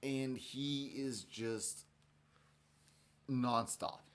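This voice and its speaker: A man's voice: mid-range voice, very slow. Man telling a story with gusto. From Ohio, US. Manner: animated storyteller, swears freely. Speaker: guest. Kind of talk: casual chat.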